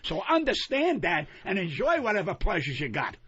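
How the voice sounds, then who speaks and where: Older male comic, high swooping voice, yelling profanities; dull radio sound. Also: huge pitch swings, moderate pace, breathy edge. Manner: loud, yelling, profane, combative. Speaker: guest comedian. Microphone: studio microphone. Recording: muffled radio broadcast.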